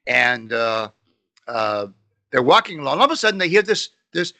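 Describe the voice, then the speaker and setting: An older man co-hosting a podcast, telling jokes in casual chat with a halting delivery full of pauses. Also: medium pitch, very animated, very noisy. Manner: halting storyteller with many uh fillers. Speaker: podcast co-host.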